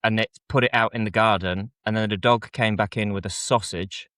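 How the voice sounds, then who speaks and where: A man, co-hosting a podcast and telling a funny anecdote in a relaxed, casual way. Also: fairly low pitch, fairly quick, clear, resonant tone, no echo. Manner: anecdotal, laughs while telling. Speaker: podcast co-host. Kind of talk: casual chat.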